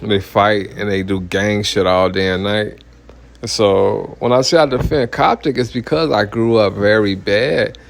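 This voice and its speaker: A man, a minister giving a heated, blunt personal testimony full of profanity and repeated "you know what I mean". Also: medium pitch.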